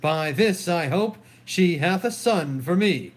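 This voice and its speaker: A man's voice: sits high, expressive, exaggerated voice. A man reading a commanding victorious king. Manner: giving orders, brisk. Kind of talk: solo dramatic reading of a play.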